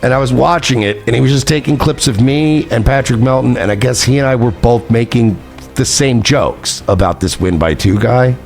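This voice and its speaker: Gravelly man ranting profanely. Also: medium pitch, normal speed, a little mellow, soft background music. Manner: profane, heated, repetitive. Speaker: streamer host. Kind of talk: ranting commentary.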